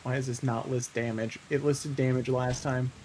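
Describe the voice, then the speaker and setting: A man's voice: mid-range voice, level tone, normal speed, a little mellow, slight background noise. A man speaking as a player in a tabletop game, joking and incredulous. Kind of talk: casual play talk.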